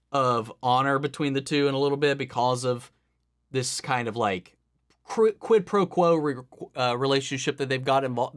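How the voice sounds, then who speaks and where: A man's voice: mid-range voice, a bit bright. A man hosting an anime reaction, thinking aloud casually with frequent restarts and musing asides.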